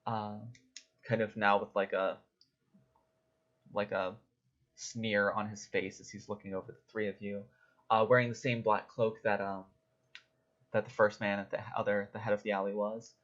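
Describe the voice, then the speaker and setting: Game master guy narrating, lots of ums and likes, lowish voice, muffled lo-fi audio. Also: level tone, moderate pace, pauses often, a bit bright. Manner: hesitant, full of fillers. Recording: dull lo-fi recording.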